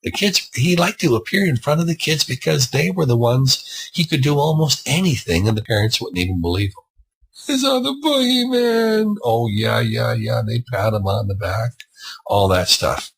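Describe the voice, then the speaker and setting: A man's voice: medium pitch, normal speed, breathy edge, rough recording. A man telling an improvised spooky story in a rambling, conversational way, with asides.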